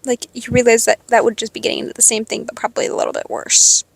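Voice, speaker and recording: An eighteen-year-old woman venting to her followers in a profane, sarcastic rant, jumping between loud outbursts and quiet mutters. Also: on the high side, level tone, quick pace, gravelly, slightly rough, dry recording. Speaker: vlogger. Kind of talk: venting to camera.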